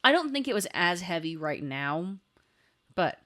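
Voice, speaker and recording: A woman's voice: fairly low pitch, sing-song, unhurried, bright, forceful tone. A woman in her thirties co-hosting a podcast in casual chat, rambling with lots of filler words and eager asides. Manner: rambling, full of "like" fillers, enthusiastic. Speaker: podcast co-host.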